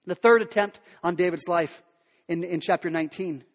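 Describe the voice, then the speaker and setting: A man's voice: high voice, moderate pace, in a large hall. A male preacher retelling a Bible story in a conversational sermon, with modern asides.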